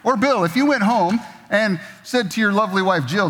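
A man's voice: sits high, moderate pace, fairly bright tone. A middle-aged man preaching a sermon in a church, conversational and jokey, slipping into quoted voices. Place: church sanctuary. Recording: long reverb of a church hall.

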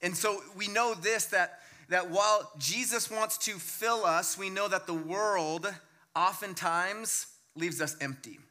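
A man preaching a sermon as pastor, emphatic and swinging between loud points and hushed low lines. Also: slow.

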